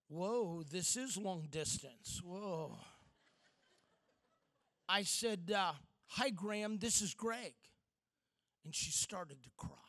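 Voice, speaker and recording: A middle-aged man giving a sermon, telling a personal story with dramatic pauses and swings from loud to hushed. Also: sits high. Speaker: speaker.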